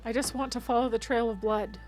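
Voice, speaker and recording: High-pitched woman streamer rambling thru her game, lots of laughing, faint music behind. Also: steady tone, brisk, darkish tone. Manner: chatty, self-narrating, laughs often. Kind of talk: casual let's-play commentary.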